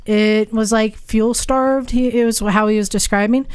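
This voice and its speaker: Woman podcast co-host, lively anecdote teller, a touch high-voiced. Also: moderate pace, clean tone, dry recording. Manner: storytelling, animated, laughs often. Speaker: motorcycle mechanic podcast co-host. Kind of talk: casual podcast chat.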